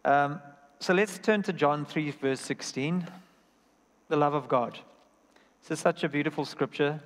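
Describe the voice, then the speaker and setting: A man's voice: on the high side, a little slow. A young man preaching a sermon, earnest and personal, telling stories and repeating key phrases. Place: church hall. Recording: reverberant church hall.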